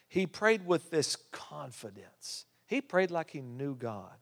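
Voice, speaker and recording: A male pastor preaching a sermon, with emphatic rises and hushed drops. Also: on the high side, sing-song, slow pace, vocal fry. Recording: long hall reverb.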